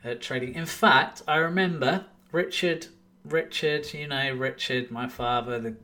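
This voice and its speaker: A man's voice: medium pitch, sharp tone. A man hosting a solo podcast, talking emphatically and conversationally, repeating points to stress them. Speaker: podcast host, trading software owner.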